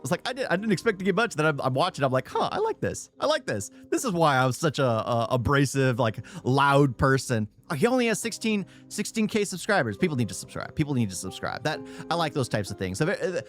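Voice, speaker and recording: A young man reacts to a video on stream in a loud, quick, stumbling ramble, stuttering and repeating phrases as he goes. His voice sits at a middle pitch, with faint music under it. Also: sing-song. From United States. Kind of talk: casual reaction commentary.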